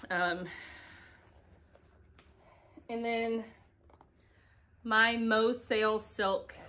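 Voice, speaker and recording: A woman vlogging about her stitching from home in a loose, unhurried way. She giggles often and makes fun of herself while chatting. Her voice sits at an ordinary middle pitch, caught by a camera propped up in the room. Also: a bit bright. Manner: giggly, chatty, self-deprecating. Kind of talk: casual chat to camera. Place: home, indoors. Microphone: camera set on an ironing board.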